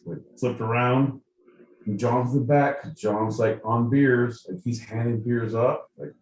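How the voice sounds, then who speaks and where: A man co-hosting a live-streamed podcast, telling a story loudly and profanely with lots of filler and rambling. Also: medium pitch, echoey room, distant mic, rough recording. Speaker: podcast co-host. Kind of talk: rowdy live-stream banter.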